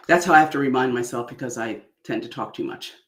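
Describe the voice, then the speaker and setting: Woman, public speaking coach, exaggerated animated talk, echoey room. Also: very deep voice. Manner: animated, exaggerated delivery with frequent laughs. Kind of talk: online workshop talk.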